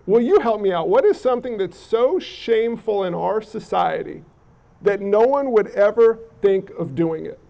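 A man's voice: sits high, lively intonation, moderate pace, creaky, mellow, muffled recording. A man preaching a sermon with allergy congestion, talking conversationally and asking the congregation questions. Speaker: pastor.

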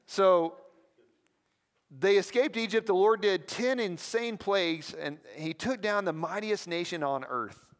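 A man preaching a sermon as pastor, lively and conversational, often prompting the listeners with questions. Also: high voice, a little slow. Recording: long hall reverb.

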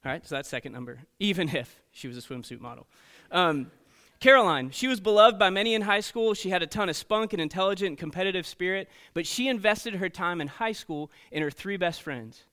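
A man preaching to teenagers as a youth pastor, telling stories in an animated way and checking in often with "okay?" and "right?". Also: sits high, a little fast, hardly any pauses. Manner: storytelling, animated, frequent "okay?" and "right?" asides. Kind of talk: sermon to teenagers.

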